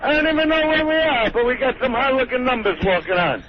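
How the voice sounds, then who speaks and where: Brash high-voiced man on a muffled phone line. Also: quick pace, a little hiss or hum. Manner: brash, confrontational tough-guy talk. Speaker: celebrity caller. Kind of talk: phoned-in radio banter. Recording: muffled phone call on radio.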